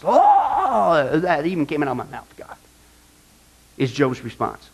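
Male pastor, high voice, lively preacher who acts out the voices he quotes and fires rhetorical questions at the congregation. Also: a little slow, husky, low-quality recording. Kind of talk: sermon.

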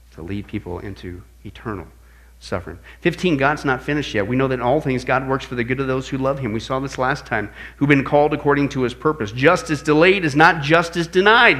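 In an apologetics sermon, the pastor alternates between soft, low narration and booming quoted outbursts. His whole delivery is animated.

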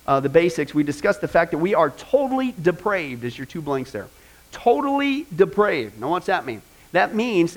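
High-voiced, animated male Bible teacher. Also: low-quality recording. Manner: animated and joking, with vivid asides. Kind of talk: informal classroom Bible teaching. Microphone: microphone.

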